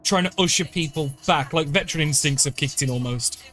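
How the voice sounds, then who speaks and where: Diplomatic man, slightly high voice. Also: a little fast, a bit bright, soft background music. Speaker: player.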